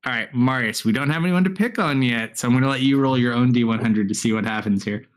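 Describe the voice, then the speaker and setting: A man's voice: mid-range voice, fast. Casual male dungeon master narrating. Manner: relaxed, conversational, filler-heavy. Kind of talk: narrating a tabletop game.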